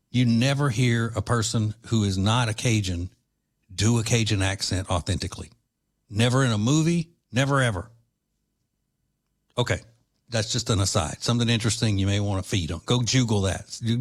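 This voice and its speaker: A man from Louisiana hosting a podcast, giving blunt, combative political commentary with rambling asides. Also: lowish voice. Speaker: podcast host.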